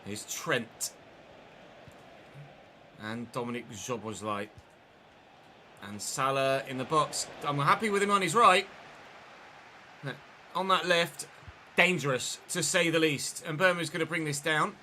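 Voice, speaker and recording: A man's voice: fairly high pitch, measured pace, pauses often, bright, forceful tone, a little hiss or hum. A man live-streaming a football game, giving play-by-play commentary with chatty asides to viewers. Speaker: gaming streamer.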